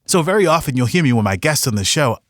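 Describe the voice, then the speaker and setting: A man's voice: mid-range voice, big pitch swings, fast, fairly bright tone, dry recording. A man hosting a podcast, giving an earnest, upbeat motivational talk with a story from his past, on a studio mic. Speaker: podcast host. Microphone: studio microphone.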